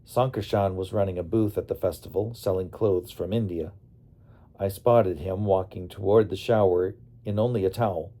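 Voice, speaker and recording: A man's voice: sits low, steady tone, normal speed, warm tone. A man narrating a memoir in a plain, storytelling delivery.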